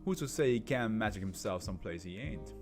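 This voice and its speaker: A man voicing a bitter male gangster under interrogation, talking in rough, scornful street slang. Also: on the low side, lively intonation, brisk, faint music behind. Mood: gruff.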